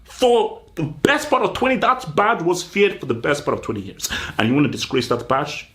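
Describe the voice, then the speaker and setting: A man hosts a football show and rants through a mock team talk, speaking straight to the players. His pitch swings wildly as he stretches words out for emphasis. His voice sits a little higher than most men's. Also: very animated, normal speed, a bit bright, slight background noise. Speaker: football channel host. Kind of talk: comedic football pep-talk rant.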